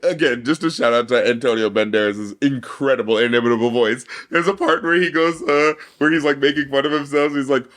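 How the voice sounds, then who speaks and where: A man co-hosting a podcast in casual chat, animated and laughing often as he talks a film through. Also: mid-range voice, a little fast, hardly any pauses. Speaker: podcast host.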